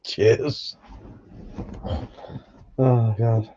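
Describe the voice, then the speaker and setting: A man's voice: mid-range voice, animated, a little slow, long pauses, warm tone, dull audio. Sweary man bantering on a livestream. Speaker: livestream host. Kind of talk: casual live chat reading viewer messages.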